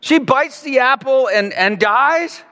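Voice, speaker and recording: A man in his sixties gives a self-mocking storytelling sermon, dropping to a low murmur and then rising to loud exclamations. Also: expressive, slow. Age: 60s. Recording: long hall reverb.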